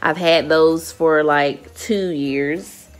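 A woman's voice: low-pitched, fairly even intonation, drawn-out words. A woman in her late twenties chatting playfully with viewers while giving a home tour of her living room, filmed on a handheld camera. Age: late 20s. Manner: chatty, playful, addresses viewers as y'all and baby. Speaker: vlogger. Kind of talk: casual home-tour vlog. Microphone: handheld camera with ring light, moving around.

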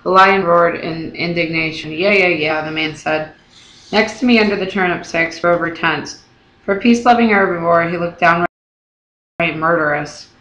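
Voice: medium pitch, normal speed. Echoey storybook narration. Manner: steady storytelling. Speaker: audiobook reader. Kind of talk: first-person novel narration. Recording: roomy echo.

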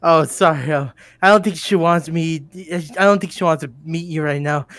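A man's voice: a little high, normal speed, a bit bright, no room sound. A man stumbling through awkward lines in a voice chat prank, hesitant and stammering, swearing now and then.

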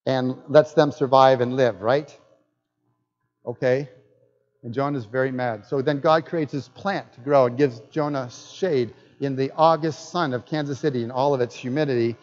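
Animated older man preaching in a hall. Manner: animated, swings from loud emphatic bursts to low asides. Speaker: guest pastor. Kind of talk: sermon. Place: church hall. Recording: dull sound in a reverberant hall.

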